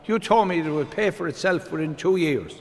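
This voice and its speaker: A man's voice: on the high side, expressive, fairly quick, heavy background noise. Older man telling jokes in a hall. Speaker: comedian. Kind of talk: stand-up joke telling.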